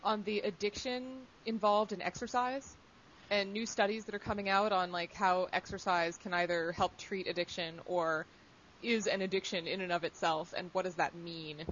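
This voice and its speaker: A woman's voice: on the low side, steady tone, normal speed, fairly bright tone. A woman chatting casually on a podcast panel, upbeat and hedging as she talks. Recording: dull lo-fi sound with faint hiss.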